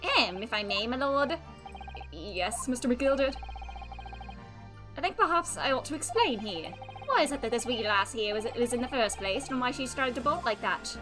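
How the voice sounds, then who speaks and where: A jovial old man with a lilting Irish brogue rambles through his tale in folksy, colloquial turns. A woman puts him on in a high-set voice. Video game music plays clearly underneath. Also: expressive, moderate pace, natural voice. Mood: folksy, chatty. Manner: colloquial, storytelling lilt. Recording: game music playing behind.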